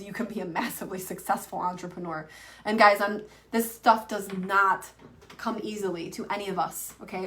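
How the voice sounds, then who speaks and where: A woman's voice: medium pitch, fairly bright tone, distant mic. A woman in her thirties, an online coach, teaching in a chatty, rambling way full of fillers and restarts. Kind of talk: casual teaching to camera.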